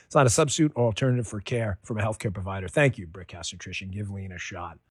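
A man reading a sponsor ad live on a radio show as a pushy, energetic pitchman. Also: fast.

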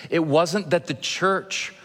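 Male pastor preaching in a reverberant church. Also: a little high. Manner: earnest, measured preaching with gentle humor. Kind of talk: sermon. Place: church sanctuary. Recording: long reverb of a church hall.

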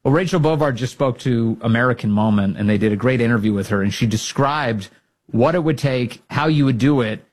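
Guy hosting political talk show, emphatic, gets loud and high when rallying. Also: fairly quick. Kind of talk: opinionated commentary.

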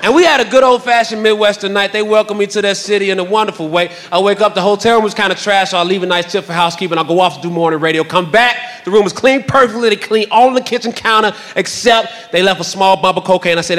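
A man's voice: sits high, fast talker, few pauses, fairly bright tone, in a large hall, a little hiss or hum. A man telling a crude story in a stand-up comedy set.

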